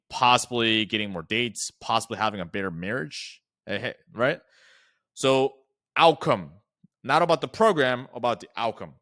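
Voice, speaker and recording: A man's voice: mid-range voice, fairly bright tone, no echo. Man, sales trainer, casual walkthrough, dry close sound, chatty fillers. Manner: conversational, acts out sample call lines; filler-heavy, says like and right often.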